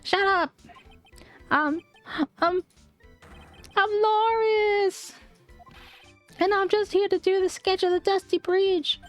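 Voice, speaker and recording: A woman's voice: very high-pitched, steady tone, takes it slowly, pauses often, soft background music, pitched above the performer's own voice. A woman voicing a nervous, lovesick young man from a game who stammers and puts on a Southern drawl. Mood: squeaky flustered. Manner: stammering, flustered.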